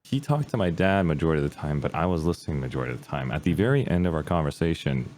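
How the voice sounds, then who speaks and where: A man with an extremely deep, low voice speaks as a podcast guest. He tells a personal story candidly and earnestly. He often pauses on fillers and trails off. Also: animated, a little mellow, a little hiss or hum.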